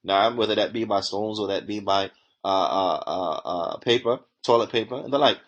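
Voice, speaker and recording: A man teaching a religious lesson. He reads a passage in quick bursts, then explains it slowly and repeats each point. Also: lowish voice, dull audio.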